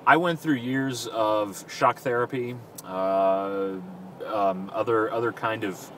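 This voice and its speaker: A man's voice: fairly low pitch, steady tone, takes it slowly, fairly bright tone. A middle-aged man from southern Louisiana, a radio fill-in DJ, talking in a rambling, self-mocking way in a casual vlog while he drives. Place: inside a car. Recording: mic a bit distant, faint road noise.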